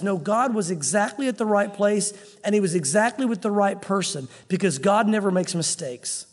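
A man's voice: sits high, lively intonation, normal speed, few pauses, big-room sound. A male pastor preaching a sermon in a conversational way, often acting out the voices of people he quotes. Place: church.

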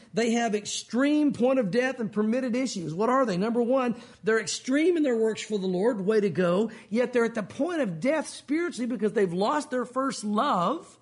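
A man's voice: very high voice, husky. A male pastor preaching a sermon at a church service, earnest and emphatic, often asking his listeners rhetorical questions.

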